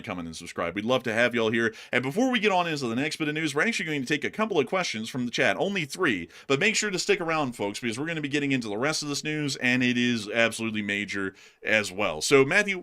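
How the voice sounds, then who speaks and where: A man's voice: mid-range voice, pushed and bright. A man out of breath, hosting a live news stream from his home studio in a chatty, rambling way, calling his viewers folks. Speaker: news livestream host. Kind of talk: casual live news commentary.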